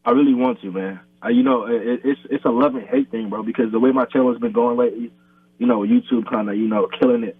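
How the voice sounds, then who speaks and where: Speaking quickly with a mid-range voice and an even tone, the young male YouTuber keeps his interview talk loose and full of "like" and "bro." The sound carries no echo and has a husky, dry, thin phone-line character.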